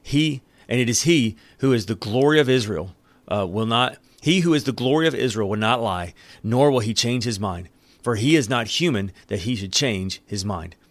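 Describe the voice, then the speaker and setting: A man preaching a sermon, reading scripture aloud and commenting on it in an earnest, emphatic way with dramatic pauses. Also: medium pitch, expressive, dry recording. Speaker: pastor.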